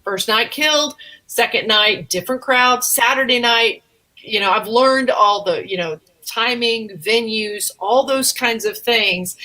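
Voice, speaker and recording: A woman comedian, telling stories in an interview with lively laughter. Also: fairly high pitch, low-quality recording. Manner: animated, laughing while she tells stories. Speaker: comedian, guest. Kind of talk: interview storytelling.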